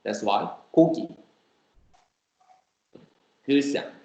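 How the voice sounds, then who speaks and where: A man teaching Korean in an online class, explaining slowly and patiently and repeating example sounds. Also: on the high side, sing-song, dull audio. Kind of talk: online language lesson. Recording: echoey room with faint noise.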